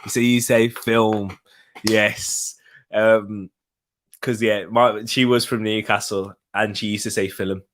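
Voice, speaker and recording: A young man with a light Birmingham accent, chatting casually and excitedly through a live football watch-along stream and reacting to viewers' comments. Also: on the low side, slow. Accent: Birmingham English.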